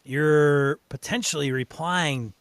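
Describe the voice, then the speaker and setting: A man's voice: a little high, slow pace, dry recording. A man co-hosting a casual gaming podcast, thinking aloud with wry asides. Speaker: podcast co-host.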